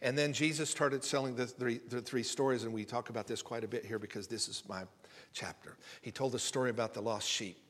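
A man's voice: medium pitch, fairly even intonation, a little fast, fairly bright tone. A male pastor giving a conversational sermon, folksy and rambling, often repeating words as he builds emphasis. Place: church sanctuary. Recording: reverberant hall sound.

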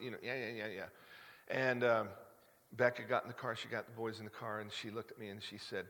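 A man's voice: on the low side, steady tone, fast talker, fairly bright tone. Man preaching in a reverberant hall. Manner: conversational and confessional, many restarts, rising to emphatic peaks. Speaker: pastor. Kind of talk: sermon.

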